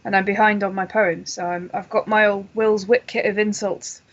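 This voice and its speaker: A woman's voice: medium pitch, steady tone, moderate pace. Chatty woman on dull remote audio. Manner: chatty, giggly, self-deprecating. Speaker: guest co-host. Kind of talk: casual live-stream chat.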